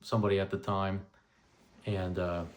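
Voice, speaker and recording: Rambling man in his thirties, lowish voice. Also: little pitch movement, normal speed, a little hiss or hum. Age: 30s. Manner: rambling, filler-heavy with frequent "you know" and "right?". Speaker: vlogger recounting paranormal experiences. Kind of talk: casual first-person storytelling.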